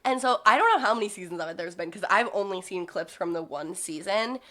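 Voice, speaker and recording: A young woman co-hosting a podcast in casual chat, talking fast with lots of fillers and quoting people. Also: fairly low pitch, expressive, pushed and bright. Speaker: podcast co-host.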